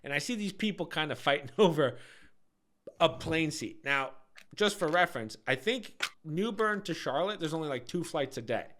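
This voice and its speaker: A man's voice: fairly high pitch, animated, normal speed, fairly bright tone. A man co-hosting a podcast, telling a rambling travel story in casual chat and laughing often. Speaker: podcast co-host.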